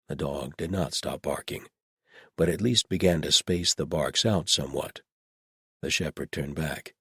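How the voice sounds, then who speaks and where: A very low, husky male voice reads a fantasy audiobook in an even, measured manner. The recording is close and completely dry, with no room sound. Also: dry recording. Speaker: audiobook narrator. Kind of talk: scripted audiobook narration.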